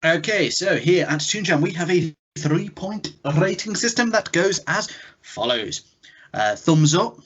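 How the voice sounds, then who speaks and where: A man co-hosting a podcast, introducing segments in a deliberate, dry way. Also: high-pitched, lively intonation, a bit bright, breathy edge. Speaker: podcast co-host. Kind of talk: casual podcast chat. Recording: dull lo-fi podcast audio.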